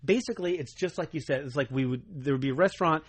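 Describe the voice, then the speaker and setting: A young adult man co-hosting a podcast in casual chat, telling animated stories and slipping into quoted voices. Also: on the high side, quick pace, husky. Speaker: podcast co-host.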